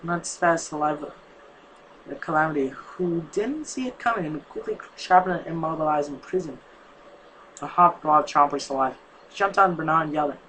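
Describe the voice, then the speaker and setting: A man's voice: on the high side, fairly quick, sharp tone, husky, low-quality recording. A man casually reading a fanfic aloud, stumbling and correcting himself, his voice strained from a sore neck. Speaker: fanfic reader.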